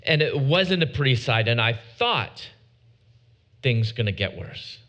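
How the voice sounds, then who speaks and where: A man giving his testimony to an audience, preaching with dramatic pauses and drawn-out words. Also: medium pitch, sing-song, fairly bright tone, lo-fi sound.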